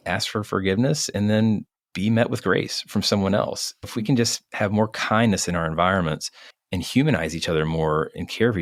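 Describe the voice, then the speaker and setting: A man with a very low, deep voice talks through his thoughts in an earnest, measured way. He sounds like a physician guest in an interview conversation, recorded close on a dry podcast mic. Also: no room sound.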